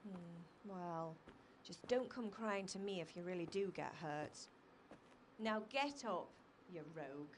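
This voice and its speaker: A woman's voice: on the low side, lively intonation, takes it slowly, slight background noise. A chiding village mother. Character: scolding village mother, middle-aged.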